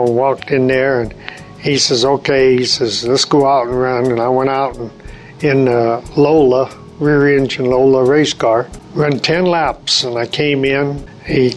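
In an interview, a retired race car driver in his seventies spins long anecdotes, acting out old conversations and often restarting his sentences. His voice is mid-range, on a low-quality recording with a little hiss or hum.

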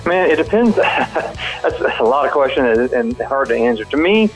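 A man's voice: mid-range voice, animated, moderate pace, faint music behind. A man being interviewed as a guest, talking casually and thinking aloud with many fillers. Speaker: guest, firearms company founder. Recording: tinny phone line.

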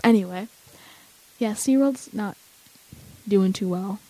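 A young woman chatting casually as a vlogger, excitable and rambling with lots of fillers. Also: fairly high pitch, brisk, no echo, poor audio. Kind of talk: casual chat.

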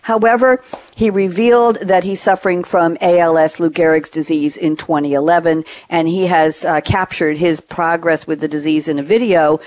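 A woman's voice: fairly low pitch, fairly even intonation, normal speed, a little mellow. A woman hosting a radio interview show, chatty, reading out quotes and introducing guests. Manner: chatty, reads quotes aloud.

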